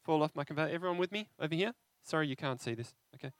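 A man preaching an interactive sermon, animated and conversational, often asking his listeners questions. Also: on the high side, racing, clean tone, no room sound.

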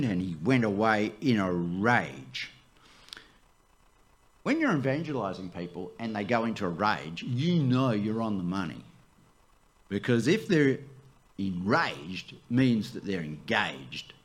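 A man, the church's pastor, preaching a sermon, swooping up high for emphasis and dropping to a near hush. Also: very animated, measured pace, long pauses, slightly rough.

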